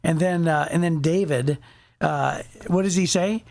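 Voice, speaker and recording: A man's voice: on the high side, measured pace, gravelly. A man co-hosting a casual Bible discussion podcast, telling stories and acting out quotes. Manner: animated storyteller, acts out quotes. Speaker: podcast co-host.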